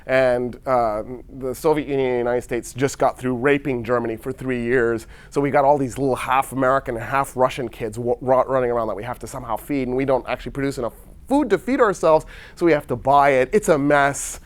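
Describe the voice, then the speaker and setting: A man telling a history story in a loose, casual lecture style, acting out countries in quick quoted dialogue with wry asides. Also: mid-range voice.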